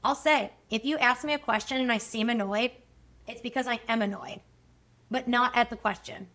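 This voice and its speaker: A woman's voice: a little high, fairly even intonation, moderate pace, fairly bright tone. A woman hosting a solo podcast, talking frankly and reflectively, answering listener questions in a candid monologue. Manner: frank, self-reflective, swears casually. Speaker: podcast host.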